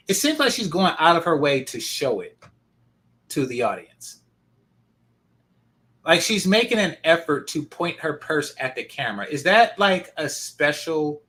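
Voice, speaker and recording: A man's voice: a little high, fairly bright tone. A man commenting on a video clip in a blunt, sarcastic, casual way.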